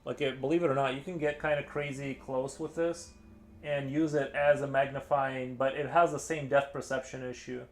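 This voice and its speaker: A man's voice: medium pitch, flat delivery, normal speed, a little hiss or hum. Rambling, hesitant male streamer. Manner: rambling, hesitant, many fillers and restarts. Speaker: live-streaming artist. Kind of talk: casual chat while painting on stream.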